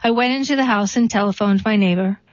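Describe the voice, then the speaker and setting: A woman reading a short story and a poem aloud in a steady, unhurried way. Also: medium pitch, no room sound. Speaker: reader. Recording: dull, slightly lo-fi dry recording.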